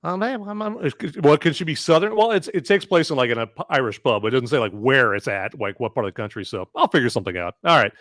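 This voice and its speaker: A man's voice: mid-range voice, fast, few pauses, no room sound. A man hosting a comedy podcast, joking around and reading out character descriptions. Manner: jokey, animated, rambling. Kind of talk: casual podcast chat and scripted read-out.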